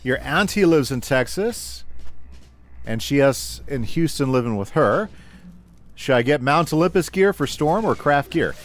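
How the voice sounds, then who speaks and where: A man's voice: a little high, lively intonation, measured pace. A man casually chatting with his live chat while playing a game, reading comments aloud and talking through his moves. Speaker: gaming livestreamer.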